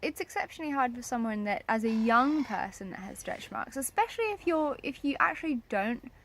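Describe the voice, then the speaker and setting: A woman's voice: a little high, lively intonation, a little fast, fairly bright tone, a little hiss or hum. Chatty, emphatic woman vlogger. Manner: chatty and emphatic, laughs often. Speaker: co-host of a couple's vlog. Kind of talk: casual chat.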